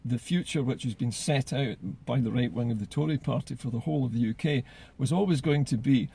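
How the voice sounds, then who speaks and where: A man's voice: mid-range voice, brisk, vocal fry, mellow, a little hiss or hum. A man giving solo political commentary in an earnest way, often repeating words as he gathers his thoughts.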